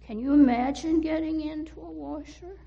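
A woman telling a cautionary story to children, pausing to ask her listeners questions. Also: high-pitched, fairly even intonation, creaky, lo-fi sound.

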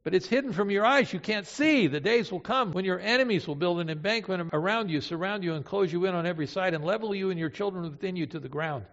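A man preaching a sermon, emotive, moving between hushed and impassioned delivery. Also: sits high, fast talker, few pauses. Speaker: pastor. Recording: reverberant hall, dull lo-fi sound.

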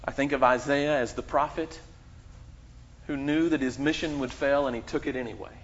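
A man pastor delivering a sermon, preaching emphatically with dramatic pauses and quoting scripture. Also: fairly even intonation. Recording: muffled low-fidelity sound.

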